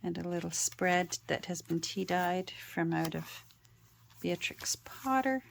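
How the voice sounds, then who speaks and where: Woman, crafter, lowish voice; relaxed show-and-tell delivery, gentle and hesitant, lots of ums. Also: takes it slowly, vocal fry, slight background noise. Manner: gentle, meandering, frequent ums and uhs. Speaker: handmade journal artist. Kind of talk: casual show-and-tell narration.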